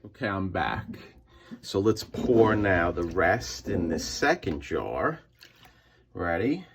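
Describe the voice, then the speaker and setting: A man's voice: expressive, slow pace, slight background noise. A man walking viewers through a hands-on comic book restoration in a chatty way, repeating himself as he works. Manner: makes squeaky sound effects in a high voice. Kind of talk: casual hands-on tutorial.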